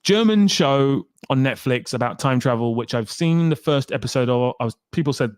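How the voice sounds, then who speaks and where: A man's voice: mid-range voice, animated, moderate pace, hardly any pauses, clear, resonant tone, no room sound, studio quality. A young man chatting casually on a live stream, reading out and reacting to viewers' comments with wry humor.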